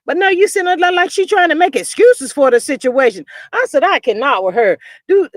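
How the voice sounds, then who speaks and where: Woman streamer host, high-pitched, lively sassy gossip talk, dry close sound. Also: fairly quick, no echo. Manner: animated, sassy, full of exclamations. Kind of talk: casual gossip commentary.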